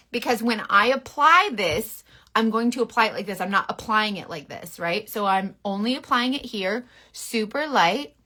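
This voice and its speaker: Bright, frank woman teaching makeup. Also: on the high side. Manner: chatty, frank and bossy, quick asides and mock baby voice. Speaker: makeup influencer. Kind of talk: casual makeup tutorial to camera.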